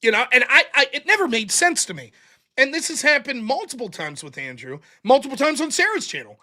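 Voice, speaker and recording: High, animated, profane male streamer. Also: fairly quick. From United States. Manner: animated ranting, profane, mimics others mockingly. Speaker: host. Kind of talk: casual livestream debate chat.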